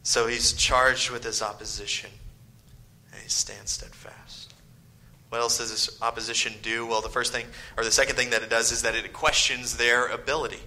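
A man preaching a sermon as pastor, swinging from loud emphasis to hushed whispered lines and firing off mocking rhetorical questions. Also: mid-range voice, flat delivery, brisk, few pauses, low-quality recording.

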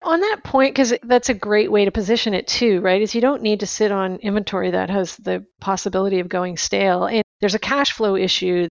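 Gravelly woman moderating a panel, dry lo-fi sound. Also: medium pitch, a little fast, hardly any pauses, no room sound. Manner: conversational, frequent "like" and "right". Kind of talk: podcast panel discussion.

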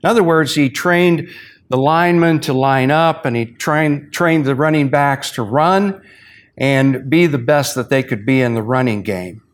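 A man giving an evening Bible teaching in a sermon style, folksy and chatty, slowing down on key phrases. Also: medium pitch. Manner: folksy, uses sports stories to illustrate points.

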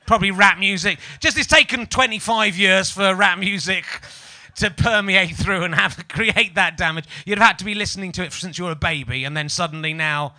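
A man with a Yorkshire accent and a high, bright, forceful voice talks fairly quickly. A stand-up comedian, he hosts a live comedy podcast, rambling, swearing and teasing the audience.

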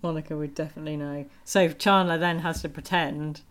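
A woman's voice: deep voice, fairly even intonation, brisk. A woman co-hosting a podcast, chatting casually about a TV episode with lots of fillers and laughter. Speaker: podcast co-host. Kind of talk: casual chat.

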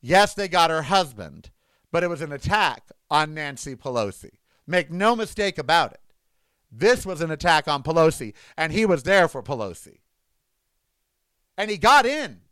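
A man with a somewhat high voice rants in a rambling, emphatic way, like a casual home vlog. His voice is recorded close and dry, with no room sound. He stays indignant and restless the whole time. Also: very animated, moderate pace, sharp tone, clear, resonant tone, no room sound. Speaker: vlogger. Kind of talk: casual political commentary.

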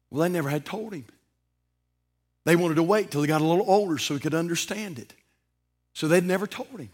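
A man preaching a sermon, telling stories with dramatic swings from shouting to whispering. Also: a little high, a little fast. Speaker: pastor.

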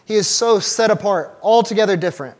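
Young guy preaching casual to a small church group, kinda high voice, lots of "like" and restarts. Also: a little fast. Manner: conversational, many restarts and fillers, talks to the room. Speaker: church teacher.

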